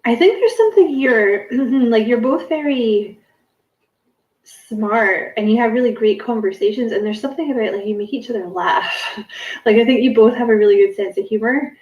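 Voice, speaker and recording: A woman's voice: a little high, normal speed, darkish tone, reverberant, muffled recording. A woman giving a casual spiritual card reading to camera, musing and rambling with many fillers and self-corrections. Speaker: tarot card reader.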